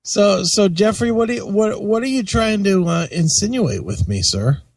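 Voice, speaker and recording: A tipsy man with a high, lively voice co-hosts a radio show, cracking crude jokes. His voice sits a little away from the mic in a dry room. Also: moderate pace, no echo, distant mic. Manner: crude, joking. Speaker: co-host. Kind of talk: casual comedic radio banter.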